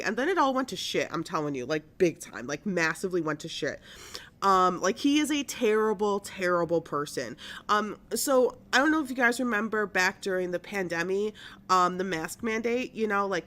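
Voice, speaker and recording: A woman's voice: mid-range voice, moderate pace. A woman hosting a live-streamed news show, talking casually and animatedly with lots of fillers and laughs. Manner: chatty and animated, full of likes and laughs.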